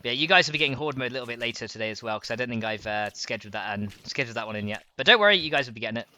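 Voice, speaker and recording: Lively, bright-voiced young man streaming a game. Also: mid-range voice, racing, a little hiss or hum. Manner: chatty, giggly, reads chat messages aloud. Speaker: gaming streamer. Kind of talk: casual live gameplay chat.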